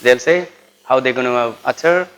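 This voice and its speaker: Indian-accented male lecturer, mid-pitched, teaches a class and checks in with a steady "right?". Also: moderate pace, clear, resonant tone, poor audio. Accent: Indian English. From Tirunelveli, South India. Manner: tags nearly every sentence with a checking "right?". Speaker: college lecturer.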